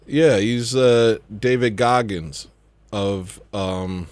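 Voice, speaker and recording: A man's voice: fairly low pitch, drawn-out words, dry recording. A young man hosting a comedy livestream, rambling and joking as he reads the chat, laughing often. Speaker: livestream host.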